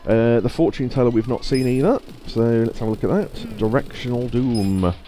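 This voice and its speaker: A man's voice: medium pitch, a little fast, warm tone, soft background music. A man streaming a game, giving casual joking commentary with chuckling asides.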